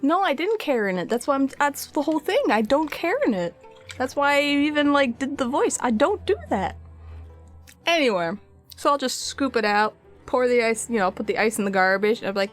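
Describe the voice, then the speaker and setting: A woman's voice: a little high, expressive, brisk, soft background music. A woman streaming her art, chatting casually and a bit sassily with her viewers while she paints. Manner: chatty, sassy, talks to chat.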